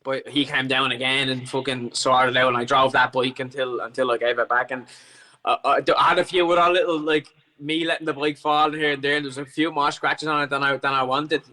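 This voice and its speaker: A man's voice: medium pitch, flat delivery, brisk, bright, forceful tone, poor audio. An Irish man on a podcast as a guest, telling a long story in casual chat, rambling with plenty of swearing and restarts.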